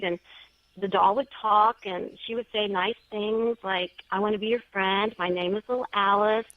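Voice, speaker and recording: A woman in the middle of her pitch range tells a story in a chatty, animated way, slipping into the voices of the people she quotes. The sound is dull and lo-fi, and the recording is dry. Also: dry recording. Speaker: guest author. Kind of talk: casual storytelling in an interview. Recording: dull, lo-fi audio.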